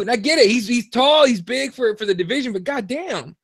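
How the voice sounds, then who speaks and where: Fast, high-voiced excitable man. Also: husky, dry recording. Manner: excitable, swears freely, laughs often. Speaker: podcast co-host. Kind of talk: casual chat about fighting sports.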